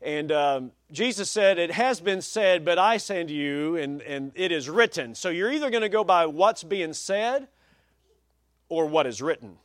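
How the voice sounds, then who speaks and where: A man's voice: fairly high pitch, lively intonation, normal speed, fairly bright tone, no room sound, studio quality. A male pastor preaching a sermon with emphatic stress, folksy asides and changing pace.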